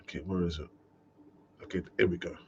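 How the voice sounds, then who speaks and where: A man hosting a solo live fan-channel stream, ranting and talking to himself in an animated way. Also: low voice, a little fast, vocal fry, slightly rough. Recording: dull lo-fi sound.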